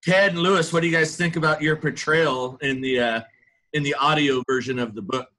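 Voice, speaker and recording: A man with a bright, sharp voice asks curious, direct questions on a group video call. His pitch sits slightly high for a man. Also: steady tone, a little fast, poor audio. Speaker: call participant. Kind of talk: casual questions.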